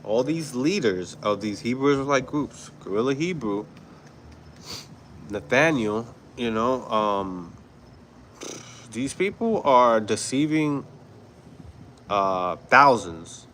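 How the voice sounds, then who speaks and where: A man's voice: medium pitch, expressive, slow, long pauses, a bit bright, a little hiss or hum, rough recording. A man from New York hosting a livestream, chatting casually with viewers, swearing, laughing and rambling. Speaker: livestream host. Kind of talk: casual commentary with chat.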